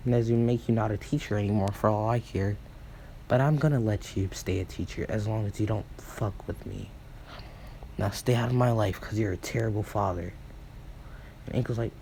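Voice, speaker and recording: A man improvising a fan story aloud, rambling with many fillers and self-corrections, and acting out characters' lines in quick asides. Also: lowish voice, vocal fry, mellow, slight background noise, low-quality recording. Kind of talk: improvised fan-fiction retelling.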